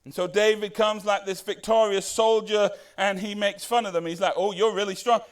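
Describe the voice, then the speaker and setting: A man's voice: sits high, fairly even intonation, normal speed, smooth. A man pastor preaching a sermon in a conversational way, asking rhetorical questions and acting out the quoted lines.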